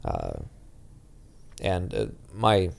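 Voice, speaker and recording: A man co-hosting a podcast, speaking in a halting, intense way with frequent restarts. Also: low-pitched, huge pitch swings, gravelly. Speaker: podcast co-host. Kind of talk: casual podcast discussion.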